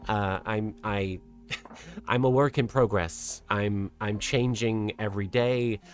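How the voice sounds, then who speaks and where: A soft-spoken streamer with an English accent drifting toward American, chatting casually with a live chat and working toward a lighter, more feminine voice placement. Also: mid-range voice, fairly even intonation, takes it slowly, soft background music. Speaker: streamer and host. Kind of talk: casual livestream chat, reading out chat.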